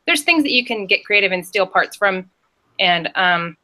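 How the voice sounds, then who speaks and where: Woman on a reseller panel, bright rambling talker, video call. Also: medium pitch, normal speed. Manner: chatty and rambling, lively storytelling. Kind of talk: casual chat.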